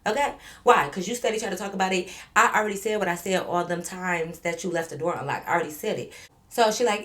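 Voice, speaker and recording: Woman vlogger, lower voice, animated and profane storyteller. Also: fast. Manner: animated, profane, speaking straight to viewers. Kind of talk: storytime vlog.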